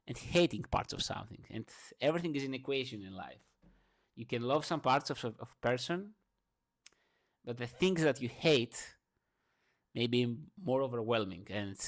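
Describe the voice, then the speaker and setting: Man, non-native english, morning rant, emphatic, swears a lot, lots of fillers, mid pitch. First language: not English. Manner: emphatic, profane, restarts and fillers, swings loud and soft. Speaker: vlogger.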